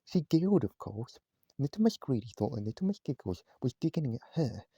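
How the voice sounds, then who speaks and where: A man reading a children's storybook aloud at home, gentle and speaking straight to his listeners. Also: medium pitch, sing-song, fairly quick, gravelly, husky, no echo, lo-fi sound. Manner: gentle, addresses listeners directly. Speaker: vlogger reading a bedtime story. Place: at home, indoors, cat on his knee.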